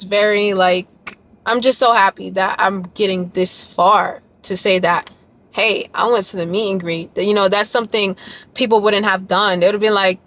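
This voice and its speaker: A woman's voice: medium pitch, normal speed, a bit bright. Young female YouTuber and dancer, chatty and heartfelt, casual vlog delivery. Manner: emotional, earnest and talkative, rambling with fillers. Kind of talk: casual vlog chat to viewers.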